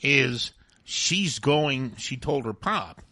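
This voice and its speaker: A man's voice: medium pitch, animated, very slow, bright, forceful tone, no echo. A man co-hosting a radio talk show, rambling through stories and chuckling as he talks. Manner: rambling, storytelling, laughs mid-sentence. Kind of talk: casual sports and TV chat.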